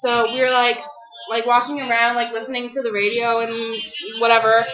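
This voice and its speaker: A teenage girl with a high voice chats in a bubbly, rambling way, packing in fillers. She records on a webcam at home. The sound is dull and lo-fi, with a roomy echo. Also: level tone, moderate pace, a crowd in the background. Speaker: vlogger. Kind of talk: casual chat.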